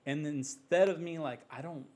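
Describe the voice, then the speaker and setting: A man's voice: a little high, fairly quick, darkish tone. A man, a father of young children, speaking as a podcast guest and sharing an earnest, heartfelt faith testimony in casual talk. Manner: earnest, heartfelt, acts out prayers in his own voice.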